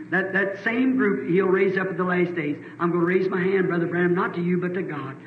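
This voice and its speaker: A middle-aged man with a Southern American accent, preaching and praying fervently in a church meeting, his voice climbing to loud exclamations. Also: sits high, steady tone, brisk, hardly any pauses. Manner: pleading prayer. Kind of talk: sermon prayer and altar call. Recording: old roomy lo-fi tape recording.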